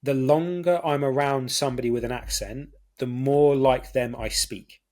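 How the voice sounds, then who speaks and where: Male guest; earnest explainer who slows down for emphasis. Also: mid-range voice, steady tone, darkish tone. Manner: earnest explainer, slows to stress key words. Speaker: guest health consultant. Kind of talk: casual interview chat.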